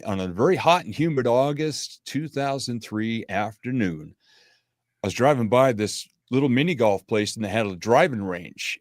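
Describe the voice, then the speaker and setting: Guest: middle-aged man, steady self-deprecating storyteller, mid-pitched voice, dry sound. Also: no room sound. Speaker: podcast guest. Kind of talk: interview storytelling.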